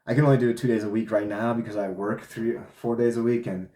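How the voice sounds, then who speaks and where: A man's voice: medium pitch, little pitch movement, fast talker, dark tone. A young man vlogging, telling a personal story in a loose, candid way, swearing and filling with "like". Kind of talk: casual storytelling monologue. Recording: echoey room.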